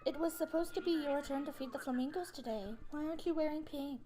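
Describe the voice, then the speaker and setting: A woman plays a strict teen house warden from a game who is obsessed with rules and punishes every slip. The voice is high and commanding, and faint music plays behind it. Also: fast talker, close to an everyday voice. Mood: stern. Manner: stern, commanding.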